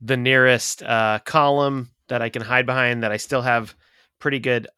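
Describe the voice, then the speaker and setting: A man's voice: medium pitch, steady tone, normal speed, pushed and bright, clean tone, no room sound, studio quality. A man playing a tabletop game in a casual way, asking questions and restarting his sentences. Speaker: player.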